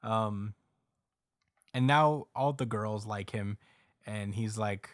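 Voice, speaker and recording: A man hosting a podcast, casually recapping a story with frequent laughs and animated asides. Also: fairly low pitch, normal speed, dry recording, clean studio sound. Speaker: podcast host.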